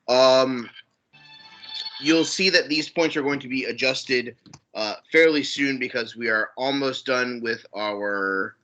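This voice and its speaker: A man's voice: mid-range voice, bright, forceful tone, muffled recording. A man co-hosting a casual podcast, reading out rankings like a ring announcer and swearing casually. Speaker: podcast co-host.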